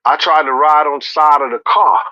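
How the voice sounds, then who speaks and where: Guy telling a wild story, cursing a lot, slightly high voice, dry muffled sound. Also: fairly quick, no room sound. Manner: animated, acts out others' lines, rising to near shouts; profane street slang. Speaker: storyteller in an interview clip. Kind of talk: recounting a story.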